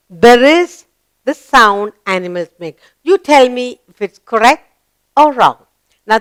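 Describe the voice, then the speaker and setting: A woman leads a slow, sing-song grammar lesson for young children. Her fairly high voice swings widely in pitch and sounds smooth and clear. The recording is dry, with no room sound. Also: a bit bright, dry recording. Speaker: teacher.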